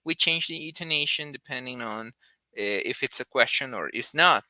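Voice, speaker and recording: Man, very bright crisp voice, casual lesson. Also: mid-range voice, expressive, moderate pace, dry recording. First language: Spanish. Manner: thinks aloud with frequent restarts and fillers. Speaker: Spanish teacher.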